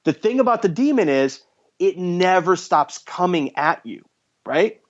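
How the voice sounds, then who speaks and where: Speaking in a high voice and a little slowly, a man hosting a podcast chats casually through the plot of a horror film. He animatedly performs the characters' quoted lines, all in dull, lo-fi podcast sound.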